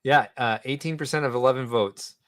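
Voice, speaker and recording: Man, podcast co-host, rambling casual chat, medium pitch, dry close mic. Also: a little fast, a bit bright, dry recording. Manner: rambling, self-interrupting. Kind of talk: casual chat, reading viewer comments.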